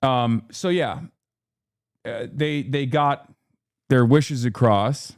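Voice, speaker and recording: This American livestreamer has a medium-pitched voice, recorded cleanly in a studio with no echo. Exasperated and swearing, he rattles off run-on sentences packed with fillers and false starts.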